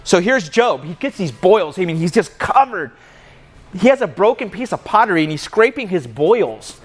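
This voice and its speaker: A man's voice: sits high, very animated, normal speed, husky. A man giving a casual sermon at a men's breakfast in a coffee shop, telling a story with lots of animation and often calling his listeners "man.". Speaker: guest speaker at a men's breakfast.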